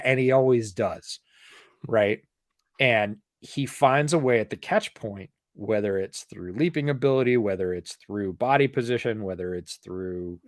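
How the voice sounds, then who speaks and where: A man co-hosting a podcast in casual chat, explaining points in a measured way and repeating them for emphasis. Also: medium pitch, no room sound, studio quality. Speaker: podcast co-host.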